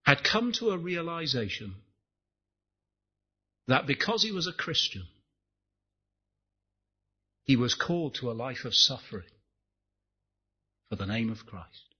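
A man's voice: mid-range voice, big pitch swings, measured pace, long pauses, breathy edge, dull audio. A man preaching a sermon, impassioned, rising and falling, asking the congregation rhetorical questions.

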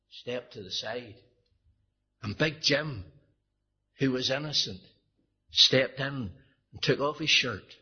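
Earnest male preacher, husky voice, dull lo-fi recording, pleading sermon delivery. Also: mid-range voice. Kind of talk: evangelistic sermon storytelling.

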